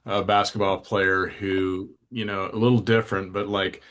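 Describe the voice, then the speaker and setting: A man's voice: low voice, level tone, moderate pace, fairly bright tone. A man hosting a podcast interview, reflecting aloud and asking long, rambling questions. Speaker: podcast host. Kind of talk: interview conversation.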